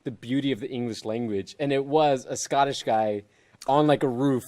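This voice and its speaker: A man's voice: mid-range voice, moderate pace, dark tone. A man co-hosting a podcast, chatting casually and jumping eagerly into jokes. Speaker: podcast co-host. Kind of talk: casual chat.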